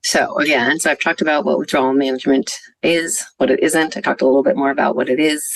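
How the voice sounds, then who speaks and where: A woman's voice: sits low, steady tone, fast talker, no room sound, rough recording. A woman physician, giving an earnest conference talk and telling stories with some fillers. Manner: earnest, warm storytelling with fillers. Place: conference venue.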